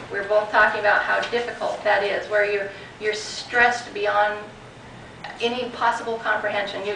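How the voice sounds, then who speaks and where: Woman guest speaker, gravelly and bright, animated storyteller; echoey room, off-mic. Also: mid-range voice, slight background noise. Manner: animated retelling with many restarts and quoted dialogue. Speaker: guest speaker at a property-rights group meeting. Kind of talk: personal storytelling talk. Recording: echoey room recording from a distance.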